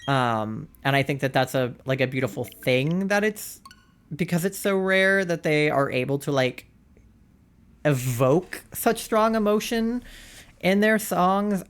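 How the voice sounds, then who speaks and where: Rambling, gushing streamer chatting casually. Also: medium pitch. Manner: rambling, says "like" constantly; earnest and gushing. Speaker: livestreamer. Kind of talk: casual chat.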